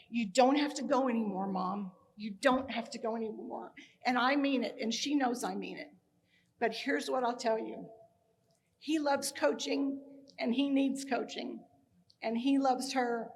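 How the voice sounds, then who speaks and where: A woman's voice: a little high, a little hiss or hum. A middle-aged woman from Kansas giving a personal tribute speech, full of humorous stories with acted-out dialogue. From Kansas, USA. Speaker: speaker at a tribute ceremony.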